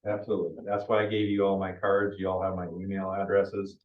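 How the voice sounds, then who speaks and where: Speaking a little fast and with little pitch movement, a man with a fairly low voice leads a business planning workshop for a live group in a meeting room. It's an informal classroom lecture, and he keeps checking in with his listeners. The dull, lo-fi recording carries a noticeable room echo.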